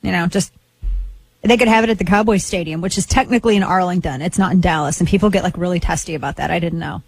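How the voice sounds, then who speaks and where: A woman's voice: on the low side, fast, vocal fry. A woman hosting a talk radio show, chatting casually in a rambling, playful way with lots of asides.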